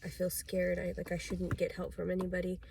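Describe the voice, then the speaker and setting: Woman vlogger, lowish voice, rambling and upset, lots of cursing, slight noise behind her. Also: monotone, brisk, vocal fry, a little mellow. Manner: agitated, rambling, heavy swearing. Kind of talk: confessional vlog monologue.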